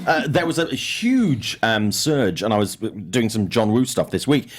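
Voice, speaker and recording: A man's voice: on the low side, unhurried. A British man hosting a casual panel chat about film news, rambling with lots of fillers. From United Kingdom. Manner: animated, rambling with many fillers. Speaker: podcast host.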